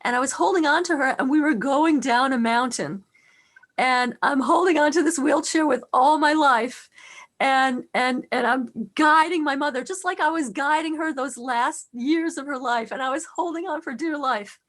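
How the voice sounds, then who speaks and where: Woman, middle-aged, slightly high voice, earnest expressive storytelling, many restarts. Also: moderate pace. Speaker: class teacher. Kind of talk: personal storytelling talk.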